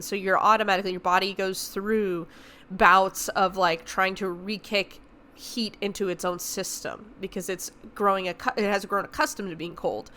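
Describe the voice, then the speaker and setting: Bright-voiced woman recapping a movie. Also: mid-range voice. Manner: animated, profane retelling with filler words. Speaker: podcast host. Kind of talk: casual movie review recap.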